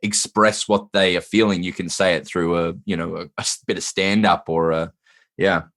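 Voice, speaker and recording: A man from Australia, a comedian guest in casual chat, talking earnestly and haltingly and repeating his words. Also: low-pitched, steady tone, fairly bright tone.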